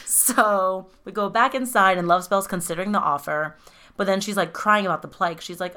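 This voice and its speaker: A woman's voice: medium pitch, normal speed, pushed and bright. A woman co-hosting a casual podcast, recapping a film in a chatty, laughing way with casual swearing and acted-out quotes. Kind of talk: casual chat.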